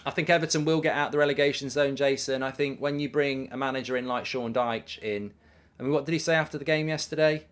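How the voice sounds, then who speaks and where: A man's voice: mid-range voice, fairly even intonation, fast, fairly bright tone, smooth. A middle-aged man hosting a live football watchalong, chatting casually and reading out viewer messages. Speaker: host.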